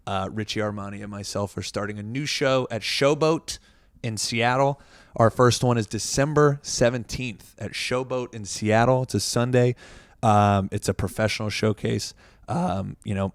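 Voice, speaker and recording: A man's voice: fairly low pitch, dry recording, clean studio sound. A young man, a comedian and podcast guest, chatting casually and rambling with lots of "like" and "um". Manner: rambling, heavy use of "like" and "um". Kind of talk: casual interview chat.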